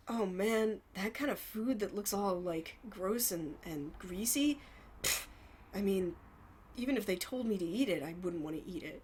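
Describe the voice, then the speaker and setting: A woman's voice: mid-range voice, measured pace, a little hiss or hum. A woman streaming a video game, chatting casually, laughing often and swearing freely. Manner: laughing, profane, animated. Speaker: let's play streamer. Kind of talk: casual gaming chat. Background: game music.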